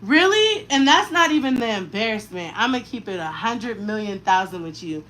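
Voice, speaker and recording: With a medium-pitched, sing-song voice, a fairly bright tone, and a moderate pace, a woman in her thirties chats while styling her daughter's hair. She's a frank, slangy, talkative mother, and the recording is rough.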